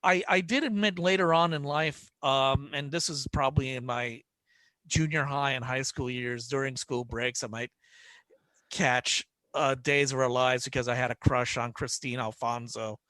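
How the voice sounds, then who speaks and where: A man's voice: medium pitch, steady tone, moderate pace, sharp tone, no echo. A man on a podcast panel telling rambling stories with many restarts, acting out the lines of the people he quotes. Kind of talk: casual panel chat.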